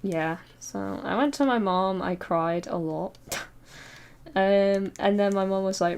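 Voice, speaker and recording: A woman's voice: mid-range voice, gravelly, a little mellow, clear, resonant tone. A young woman chats on her stream mic, winding through a personal story in fits and starts. She trips over her words, circles back, and breaks into small nervous laughs. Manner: rambling, halting, with frequent fillers and nervous laughs. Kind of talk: casual storytelling chat. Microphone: streaming microphone.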